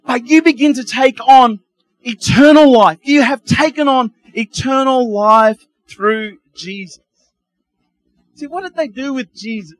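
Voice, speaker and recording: A middle-aged male pastor preaching a sermon in a lively way, with homely asides and chuckles. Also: sits high, no echo, poor audio.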